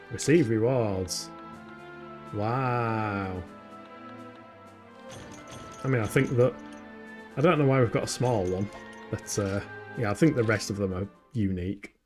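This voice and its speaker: Over music, a young Yorkshire gamer speaks on the low side, slowly and with frequent pauses. His stream chat is casual and chatty, full of self-mockery, and he mutters to himself while playing.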